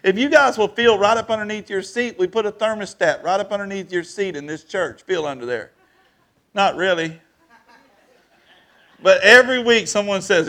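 A man preaching a sermon in church, lively and folksy, calling out to the congregation. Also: high voice, normal speed. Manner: lively preaching with crowd call-outs and folksy grammar. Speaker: pastor.

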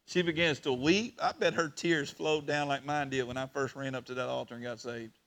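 Man, preacher, emotional sermon, bright tone, loud then hushed. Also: medium pitch, fairly even intonation, moderate pace.

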